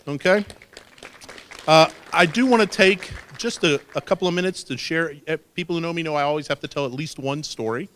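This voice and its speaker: A man in his fifties gives a wedding toast as father of the bride, speaking into a handheld mic at the reception. His slightly high, somewhat bright voice is brisk and folksy, peppered with "okay?", with slight background noise.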